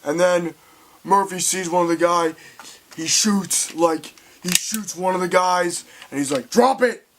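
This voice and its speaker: A man giving a casual, excitable film review, rambling and swearing as he retells scenes. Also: high-pitched, a little slow, a little hiss or hum.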